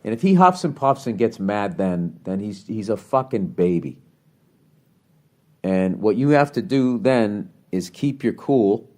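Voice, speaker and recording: A man's voice: lowish voice, darkish tone. A middle-aged man hosting a podcast, bluntly giving casual advice on a listener's letter with lots of swearing and rambling asides. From United States.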